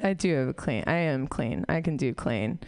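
A woman's voice: a bass voice, lively intonation, normal speed, darkish tone, no room sound. A woman doing a stand-up set, rambling, swearing a lot and mocking herself. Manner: profane, rambling, self-mocking. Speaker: stand-up comic. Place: comedy club stage.

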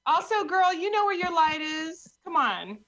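A woman's voice: very high-pitched, big pitch swings, normal speed, fairly bright tone, lo-fi sound. A woman hosting a casual video-call chat with friends in a playful, teasing way. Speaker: host.

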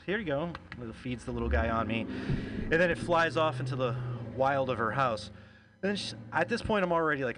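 A man's voice: medium pitch, fairly bright tone, poor audio. Man, stand-up comic, rambling stories, laughs at own jokes, club stage mic, faint room noise. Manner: chatty, self-deprecating, laughs at own jokes. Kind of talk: stand-up storytelling.

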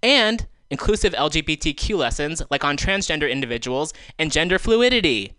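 A man's voice: on the high side, animated, a little fast, sharp tone, smooth, dry recording, soft background music. A male radio host giving solo commentary in a studio, exasperated and sarcastic, swearing as he vents, speaking into a handheld microphone. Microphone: handheld microphone taken off the stand.

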